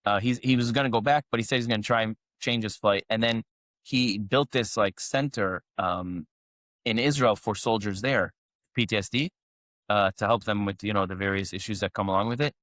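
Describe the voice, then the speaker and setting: A man co-hosts a podcast, chatting casually and telling a rambling story packed with fillers and restarts. His voice sits lowish, moves fairly quickly and sounds a bit bright. The studio-quality recording has no room sound.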